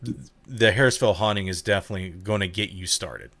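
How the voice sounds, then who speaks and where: Chatty male host, somewhat low voice. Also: a bit bright, no echo. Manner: chatty, filler-heavy, \"real quick\". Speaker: show host. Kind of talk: live-stream interview.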